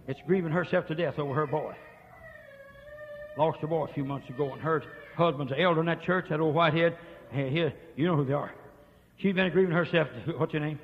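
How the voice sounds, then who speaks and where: A man preaching a revival sermon, swinging from hushed murmurs to shouts. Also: fairly high pitch, a little hiss or hum. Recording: dull lo-fi tape with long reverb.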